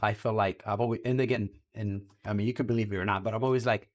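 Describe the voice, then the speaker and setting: A man in his forties hosts a podcast, chatting casually. His voice sits low, and he talks quickly in a reflective way. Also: fairly even intonation, highs cut off. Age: 40s. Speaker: podcast host. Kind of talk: casual chat.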